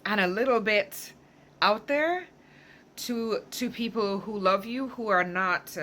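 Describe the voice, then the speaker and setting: Reflective woman with a bright voice. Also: mid-range voice, slow pace, a little hiss or hum. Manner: thoughtful, searching for words, frequent "right?". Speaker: spiritual self-help vlogger. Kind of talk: casual reflective monologue.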